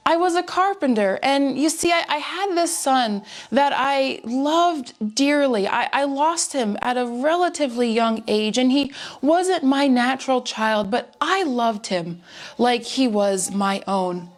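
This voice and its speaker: A woman's voice: high-pitched, animated. A woman doing a weary, stammering old carpenter. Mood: wistful. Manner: halting, stammering repeats. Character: weary old male carpenter, tender and humble.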